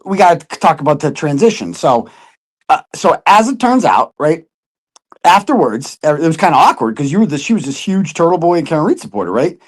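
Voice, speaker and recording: Man, casual chat, swears a lot, acts out other voices, lively rising and falling pitch. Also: fairly quick. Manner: animated storytelling, swearing, acting out others' voices. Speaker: podcast guest.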